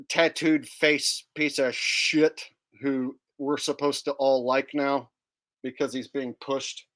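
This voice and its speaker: A man's voice: mid-range voice, fairly bright tone. A man hosting casual comedic commentary, crude, sarcastic and mocking. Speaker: channel host.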